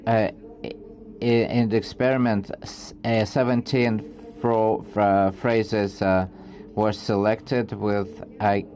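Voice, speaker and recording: A man giving an academic research presentation, reading from slides in a halting way with frequent restarts. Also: on the low side, a little mellow, slight background noise.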